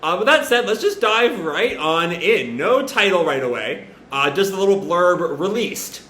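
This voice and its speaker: Guy doing a casual manga reaction recap, rambly, swears a bit, bright voice in an echoey room. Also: sits high, lively intonation, measured pace, a little hiss or hum.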